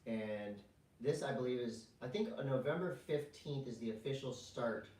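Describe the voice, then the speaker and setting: A man's voice: mid-range voice, moderate pace, distant mic, a little hiss or hum. Podcast co-host, male, rambling and jokey, recorded a bit off-mic in a roomy space. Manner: jokey, rambling, deadpan asides. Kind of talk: casual chat.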